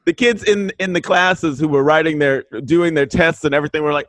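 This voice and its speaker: A man's voice: on the high side, a little fast, dry recording. A man telling a story in casual chat as a guest, acting out the quotes. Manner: animated storyteller, acts out quotes. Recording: remote video call.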